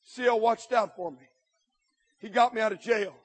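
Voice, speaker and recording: A man preaching a sermon, telling his own testimony and calling out to the congregation with rising shouted appeals. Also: moderate pace, breathy edge, big-room sound. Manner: rising to shouted exhortation, drops low to tell the story.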